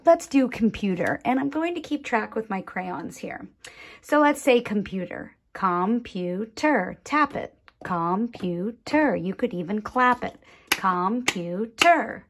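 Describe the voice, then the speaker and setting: A woman teaching young children in a sing-song voice, drawing out each word slowly and clearly. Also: a little high. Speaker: primary school teacher. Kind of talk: children's lesson.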